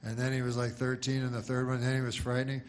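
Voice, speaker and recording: A man doing stand-up in a flat, deadpan ramble that wanders through digressions and hesitations. His voice sits in an ordinary middle pitch. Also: racing, a little hiss or hum. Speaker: stand-up comedian. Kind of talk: stand-up comedy.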